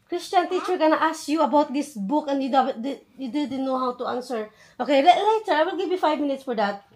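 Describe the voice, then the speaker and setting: A woman's voice: high voice, expressive, fairly quick, a little mellow, slight background noise. A mother from the Philippines with an Ilonggo Filipino accent, vlogging at home at night while coaxing her son to read his book, mixing languages. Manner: code-switches, coaxing and upbeat with her child.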